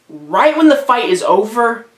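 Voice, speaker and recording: A young man giving a casual spoken movie review, rambling and repeating himself with lots of filler words. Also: sits high. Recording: roomy echo.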